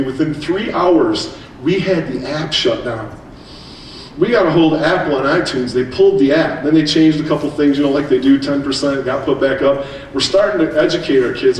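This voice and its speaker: American man, fairly high voice, lively storytelling, distant mic, booming hall echo. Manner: animated storytelling with quick asides. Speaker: keynote speaker, teacher. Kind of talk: conference keynote. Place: large hall. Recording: echoey hall, distant mic, faint noise.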